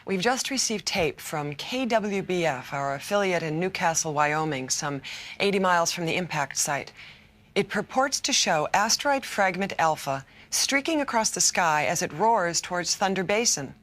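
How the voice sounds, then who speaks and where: A TV news anchor reading bulletins in a crisp, measured way. Her voice sits on the low side for a woman. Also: expressive, fairly bright tone.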